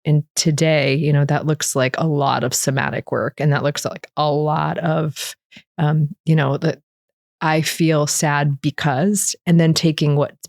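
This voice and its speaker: A woman's voice: deep voice, unhurried, vocal fry, dry recording, studio quality. A middle-aged woman speaking earnestly in a candid interview, often acting out what she and others said. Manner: earnest, quotes herself and others in animated re-enactments. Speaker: guest sharing recovery story.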